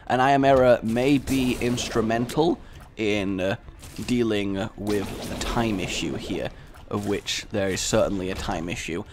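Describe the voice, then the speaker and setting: A man's voice: mid-range voice, slight background noise. A man giving casual, rambling commentary over a game he is playing, with self-mocking jokes and asides. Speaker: gaming commentator.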